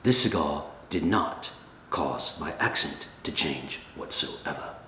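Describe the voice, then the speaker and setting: A man hosting a comedic review, talking in a dry, deadpan way. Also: extremely low pitch, slow pace. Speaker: cigar reviewer, channel host. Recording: echoey room with faint ambient noise.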